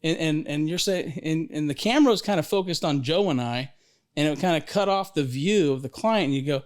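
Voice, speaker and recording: A middle-aged man hosting a podcast, telling stories in a lively, rambling way, often restarting his sentences. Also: fairly high pitch, brisk. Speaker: podcast host, financial advisor. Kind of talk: casual storytelling conversation.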